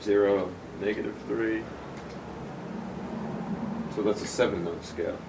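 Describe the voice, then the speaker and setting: A presenter with a fairly low, gravelly voice walks a small group through a tuning software demo, patiently explaining each step in a casual way. He speaks a little slowly with fairly even intonation, recorded by a distant room mic amid background noise.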